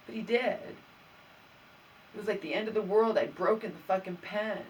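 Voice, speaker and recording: A woman's voice: medium pitch, moderate pace, pauses often, far from the mic, slight background noise, rough recording. A woman vlogger venting her grievances in an aggrieved, exasperated way, stammering and restarting as she talks. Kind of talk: venting personal vlog.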